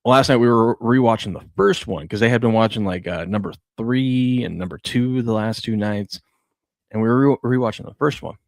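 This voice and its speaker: A man's voice: medium pitch, normal speed, darkish tone, no room sound. A man in his thirties co-hosting a sports talk show, chatting casually and laughing as he tells family stories. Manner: storytelling, laughs often, acts out his kids' voices. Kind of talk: casual chat.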